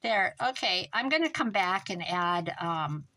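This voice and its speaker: A woman making a craft journal, chatting casually as she works and muttering to herself with quick self-corrections. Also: on the low side, animated, sharp tone, a little hiss or hum. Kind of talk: casual crafting vlog, talking while working.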